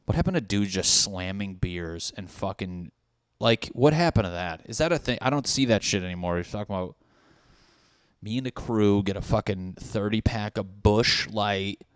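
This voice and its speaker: Thirtysomething guy hosting a podcast, swearing a ton, rambly comedy riffing, lowish voice, dry close sound. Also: clear, resonant tone, dry recording. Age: 30s. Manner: rambling and profane, riffing on party scenarios. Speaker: podcast host. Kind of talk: casual comedic monologue.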